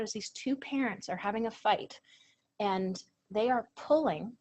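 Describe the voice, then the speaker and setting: A woman's voice: mid-range voice, measured pace, darkish tone, highs cut off. A woman presenting a training lecture, earnest and emphatic. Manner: earnest, emphatic, reads out quoted lines.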